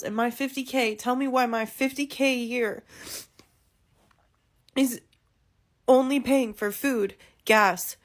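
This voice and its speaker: A woman in her thirties, a mother, venting in an exasperated vlog rant full of swearing that climbs to near shouts. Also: fairly high pitch. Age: 30s. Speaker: mother venting about costs.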